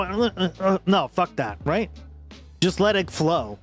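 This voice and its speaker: Male streamer with a Boston accent, casual and profane, fairly high voice, soft music bed. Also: lively intonation, measured pace. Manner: chatty, talks to his chat, swears casually. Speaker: streamer reacting to a video. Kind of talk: casual live-stream commentary. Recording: faint music behind.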